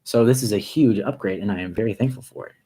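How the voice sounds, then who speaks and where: A musician hosting a casual live stream, chatting in an upbeat, rambling way with quick asides. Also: male voice, fairly low pitch, mellow, slightly rough.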